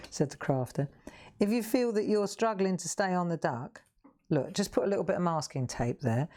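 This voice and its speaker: A woman's voice: low-pitched, mellow, a little hiss or hum. A woman hosting a live colouring demonstration, chatting, laughing often and making self-mocking asides. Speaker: craft show host.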